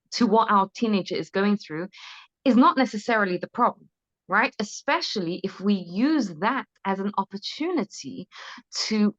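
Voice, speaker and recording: A woman's voice: medium pitch, a bit bright. A woman talking through parenting advice as an interview guest, earnest and conversational. She keeps tagging her points with a questioning "right?" and often restarts mid-sentence. The audio is a little dull and lo-fi.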